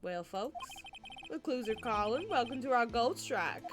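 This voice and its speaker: A woman's voice: on the high side, lively intonation. Woman putting on a drawling cowboy lawman. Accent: put-on Southern American drawl. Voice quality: slow poetic drawl. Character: drawling cowboy patrolman, laid-back and theatrical. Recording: game music playing behind.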